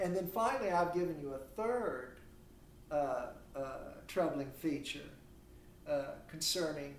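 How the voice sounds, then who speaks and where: A man's voice: medium pitch, a little hiss or hum. A man giving a lecture who asks rhetorical questions and acts out imagined dialogue. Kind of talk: recorded university lecture. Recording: echoey room, mic at a distance.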